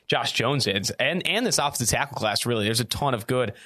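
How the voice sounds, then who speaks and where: A man hosting a sports podcast, talking quickly and upbeat in a casual chat on a studio mic. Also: medium pitch, animated, bright, forceful tone. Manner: fast, upbeat, laughs often. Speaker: podcast host. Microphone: studio microphone.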